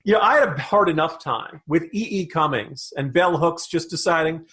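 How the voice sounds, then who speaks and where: A man's voice: a little high, normal speed, a bit bright. A man co-hosting a political podcast, a writer delivering a theatrical, exasperated comic rant full of mock outrage.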